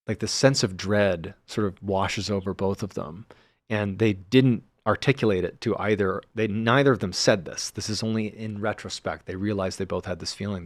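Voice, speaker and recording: A man, a podcast guest, telling a story in a relaxed, casual way, filling his talk with fillers as he builds suspense. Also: on the low side, no room sound, clean studio sound.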